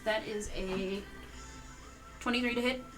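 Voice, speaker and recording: A woman's voice: mid-range voice, steady tone, measured pace, low-quality recording. A woman playing a tabletop game, chatting and thinking aloud as she adds up her attack rolls. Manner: chatty, thinks aloud while adding dice. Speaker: player. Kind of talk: casual tabletop game play. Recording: clear music behind voice. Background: music.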